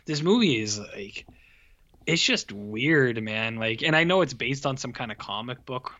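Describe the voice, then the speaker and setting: A man's voice: medium pitch, lively intonation, unhurried, pushed and bright. A man co-hosting a podcast in a laid-back, rambling, joking way. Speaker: podcast co-host. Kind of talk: casual chat. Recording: dull lo-fi audio.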